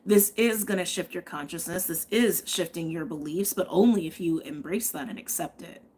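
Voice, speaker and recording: A woman's voice: lowish voice, normal speed, darkish tone, breathy edge. A woman giving a live tarot and astrology reading, chatting and thinking aloud, often checking in with "okay?". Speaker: tarot reader.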